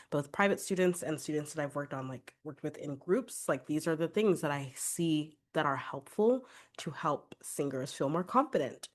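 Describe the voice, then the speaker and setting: A young woman hosting her singing podcast, chatty and upbeat, a little congested from a cold. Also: sits low. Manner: chatty, upbeat, many filler "like"s. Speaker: podcast host and vocal coach. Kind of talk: casual solo podcast talk.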